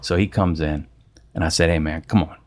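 A man chatting casually, telling an animated story and acting out what people said. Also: deep voice, brisk. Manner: animated storyteller, acts out others' lines. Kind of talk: casual chat.

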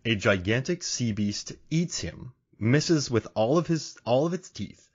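Male podcast host, comic retellings, very lively delivery, slightly husky. Dull lo-fi audio. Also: medium pitch, measured pace. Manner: animated, laughing retelling. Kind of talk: casual comedic chat.

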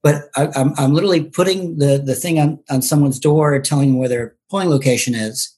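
A man's voice: on the high side, a little fast, warm tone, slightly rough. A man being interviewed on a podcast, a bartender and local candidate telling stories casually, with frequent ums and restarts. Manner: hesitant, many ums and restarts.

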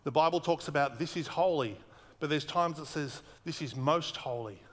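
A man preaching a sermon earnestly, slowing down and repeating words for emphasis. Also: fairly high pitch, a bit bright, big-room sound. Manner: earnest, emphatic repetition, slows for weight.

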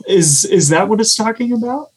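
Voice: medium pitch, expressive, moderate pace, darkish tone, husky. A quiz player in casual chat who hesitates and thinks aloud. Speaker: quiz player and game master.

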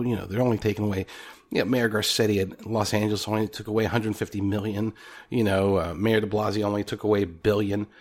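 Husky lower-voiced guy ranting about politics, pushy and repetitive. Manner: emphatic, repetitive, argumentative. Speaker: political commentator. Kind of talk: opinion monologue.

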